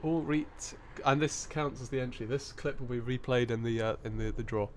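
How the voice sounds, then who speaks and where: A man's voice: mid-range voice, normal speed, a little hiss or hum. A man hosting a live stream and chatting in a rambling, easygoing way, often breaking into laughter. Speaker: coin-hunting live streamer. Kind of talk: casual live-stream chat.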